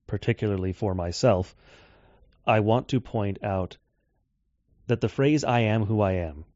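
A man giving a measured lecture on scripture translation, slowing down to quote texts. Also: lowish voice, a little mellow, dry recording. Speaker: Bible teacher. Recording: dull dry lo-fi audio.

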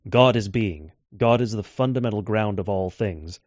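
A man giving a measured lecture on scripture translation, slowing down to quote texts. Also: on the low side, a little mellow, no echo. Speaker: Bible teacher. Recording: dull dry lo-fi audio.

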